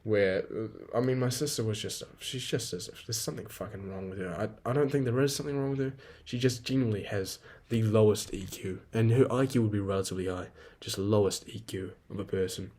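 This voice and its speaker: A man's voice: on the low side, brisk, few pauses, darkish tone. A young man, rambling and swearing freely in a casual solo podcast monologue. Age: 20s. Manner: profane, rambling, venting. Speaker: podcast host.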